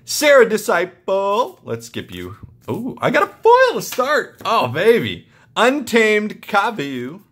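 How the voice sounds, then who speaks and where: A young man excitedly opening trading card packs for his channel, muttering card names with sudden yelps of delight. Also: takes it slowly, few pauses. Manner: excitable, muttering asides, jumpy pitch. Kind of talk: casual pack-opening commentary.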